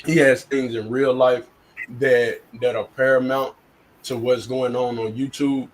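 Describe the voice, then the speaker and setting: A man's voice: mid-range voice, level tone, measured pace, poor audio. A man speaking bluntly and earnestly in casual live-stream chat, often restarting and repeating words.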